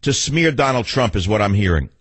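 A man's voice: fairly low pitch, lively intonation, a little fast, a bit bright, husky, no room sound. A middle-aged man hosting a talk radio show, combative and sardonic, rambling between arguing with callers and monologue.

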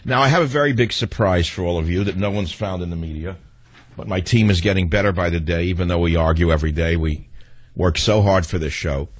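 Man, new york accent, talk radio host, low-pitched, husky, emphatic monologue. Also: brisk, no room sound. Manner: combative, emphatic, self-assured.

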